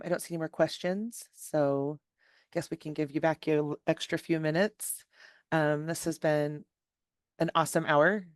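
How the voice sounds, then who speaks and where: A woman with a fairly low voice hosts an online training session, friendly and a little hesitant as she reads out comments. The sound is dry and close, straight from a video call. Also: no room sound. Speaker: session moderator. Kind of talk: webinar hosting.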